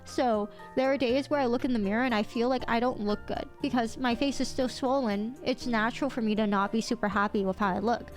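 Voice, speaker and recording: A young woman streamer telling stories in casual chat, animated, laughing often and swearing casually. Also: a little high, brisk, few pauses, faint music behind.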